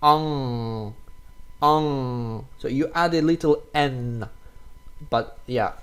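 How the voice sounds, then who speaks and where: A man with a French accent leads a relaxed pronunciation lesson at an unhurried pace. His English is halting, full of ums and restarts, and he says each example word two or three times. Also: on the high side. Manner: slow, repeats example words several times, hesitant English with fillers. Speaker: French teacher.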